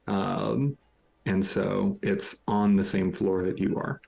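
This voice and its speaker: A man narrating as game master of a tabletop role-playing game, describing scenes in a relaxed, halting way with fillers. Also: sits low, creaky.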